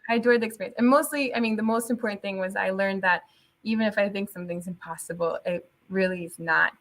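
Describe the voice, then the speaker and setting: A young adult woman with a bright, crisp tone speaks as a guest in a casual interview. She tells her stories in an animated way, laughing often and switching into Spanish at times. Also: mid-range voice, fast talker. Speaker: teacher guest.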